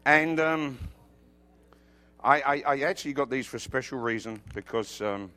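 A man preaching a sermon, emphatic and quoting scripture, who drops to a hush and then rises into loud bursts, with humorous asides. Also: mid-range voice, moderate pace.

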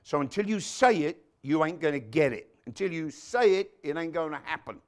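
A man delivers a sermon in a voice pitched a little high, swooping widely up and down as he preaches. He quotes scripture, tosses in muttered asides and jokes with the congregation. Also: expressive, moderate pace. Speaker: pastor.

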